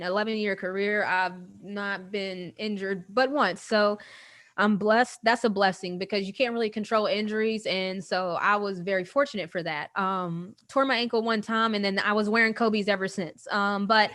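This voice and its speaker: A woman in her thirties hosting a podcast, talking casually and emotionally. She pauses often, voice halting as she holds back tears. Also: medium pitch, fairly bright tone. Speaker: podcast host. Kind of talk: personal announcement, casual talk.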